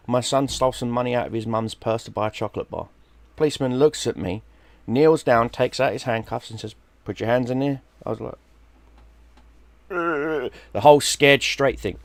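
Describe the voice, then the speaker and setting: A man's voice: mid-range voice, vocal fry, no echo. A middle-aged man, casually telling a story, swearing freely and acting out what people said. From London, England. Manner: animated, swears freely, acts out quoted people. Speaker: streamer.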